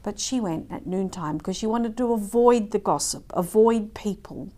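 A woman shares a faith story in a devotional talk. She speaks earnestly, and her voice drops to a soft hush at the tender parts. Her pitch sits in the middle for a woman. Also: moderate pace. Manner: earnest storytelling, softening to a hush at moving moments. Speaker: Christian speaker.

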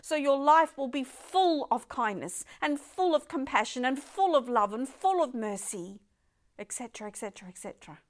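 Older woman, high voice, emphatic devotional speaker who slips into whispers and piles up words of praise. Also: animated, moderate pace. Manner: emphatic, often drops to a soft whisper. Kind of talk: devotional talk.

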